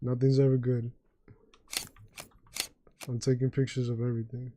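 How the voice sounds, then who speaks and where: A man's voice: medium pitch, level tone, normal speed, noisy background. A man from New York City with a New York accent, chatting casually on a game livestream and telling rambling, profane stories full of restarts. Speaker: streamer.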